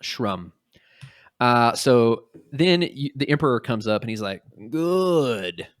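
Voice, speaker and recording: A man's voice: medium pitch, dry recording. Podcast guy recapping a comic, acts out the lines, dry sound. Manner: animated, acts out quotes in quick little voices. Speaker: podcast host. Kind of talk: casual podcast chat retelling a comic.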